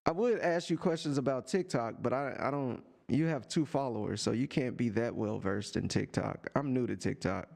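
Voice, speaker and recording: A man live-streaming from a home setup with a desk microphone, talking to a chatter in a sarcastic, teasing rant full of drawn-out taunts. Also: mid-range voice, creaky, darkish tone. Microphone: desk microphone and headphones.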